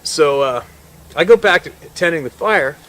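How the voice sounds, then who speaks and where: A man who works as a hunting guide, telling a story in a casual, animated way, swearing freely and acting out what people said. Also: on the high side, moderate pace. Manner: animated, swears freely, acts out quotes, laughs mid-story.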